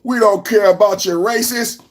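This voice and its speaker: A man hosting a live-stream political podcast, ranting loudly with lots of repetition and sing-song chanting at his chat. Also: high-pitched, steady tone, normal speed. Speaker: podcast host.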